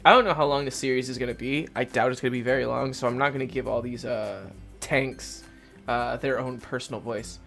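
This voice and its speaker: A man's voice: mid-range voice, steady tone, fairly quick, gravelly, fairly bright tone, faint music behind. Rambling, swearing gaming host, a man. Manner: rambling, profane, self-mocking. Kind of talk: casual let's play commentary.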